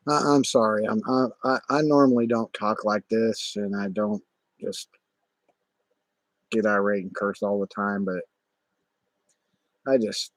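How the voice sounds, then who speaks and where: A middle-aged man rambling on a livestream, halting and irritable, with many restarts. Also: on the low side, no echo. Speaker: livestream host. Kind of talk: casual livestream monologue.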